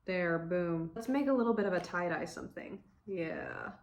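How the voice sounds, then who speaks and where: A woman's voice: lowish voice, a little fast. Woman, 20s, vlogger; loose rambling chat, salty, self-mocking, laughs a lot. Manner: chatty, swears, self-deprecating, frequent laughs. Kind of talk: casual rambling chat while coloring.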